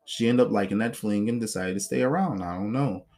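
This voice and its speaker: A man's voice: on the low side, fairly quick. Blunt, profane man telling stories. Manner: blunt, profane, animated retelling with acted quotes. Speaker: podcast host. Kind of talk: casual storytelling monologue.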